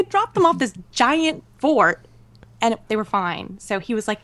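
A woman co-hosting a podcast, telling a travel story in a casual, animated way with many fillers and laughs. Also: fairly high pitch, measured pace, no echo. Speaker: podcast co-host. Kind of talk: casual chat.

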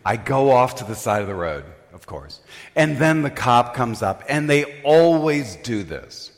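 A man's voice: mid-range voice, big pitch swings, a little slow. An older man preaching in a humorous, self-mocking storytelling way, often laughing. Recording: reverberant hall.

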